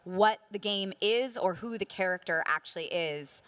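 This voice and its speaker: A woman's voice: mid-range voice, moderate pace, fairly bright tone, clean tone, no echo. A woman, a voice actress on a conference panel, explaining in a matter-of-fact way. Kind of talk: casual panel chat.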